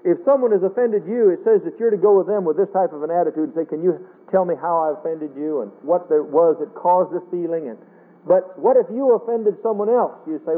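A high-pitched male preacher delivers an earnest sermon, quoting scripture in King James wording. His voice comes through a thin, phone-like radio broadcast. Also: fairly quick.

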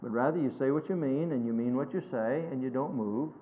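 A man preaching a sermon, emphatic, swinging between loud stresses and hushed phrases and quoting scripture in a measured cadence. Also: medium pitch. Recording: tinny phone-like sermon recording.

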